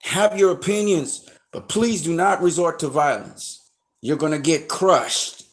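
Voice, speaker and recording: A fairly high-pitched man speaking a little slowly lectures his viewers in an unscripted online commentary rant. His emphatic, slangy talk is blunt and heavily profane, full of warnings, and turns heated.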